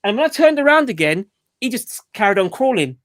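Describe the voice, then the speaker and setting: A man's voice: very high-pitched, very animated, fairly quick, fairly bright tone. A man hosting a casual group video chat, talking in a rambling way with many restarts and "you know"s. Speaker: channel host and father.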